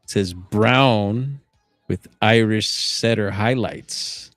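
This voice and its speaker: A man hosting a casual livestream, reading reports aloud with relaxed, musing asides. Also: lowish voice, extremely slow, no room sound, soft background music. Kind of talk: casual live commentary.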